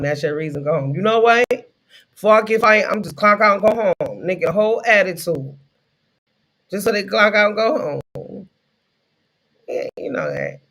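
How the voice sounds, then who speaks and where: Brief: male streamer, gravelly tone, salty comic rant, loose asides. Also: high-pitched, fairly bright tone, poor audio. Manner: profane, loose storytelling with quick asides. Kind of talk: casual comedic livestream rant.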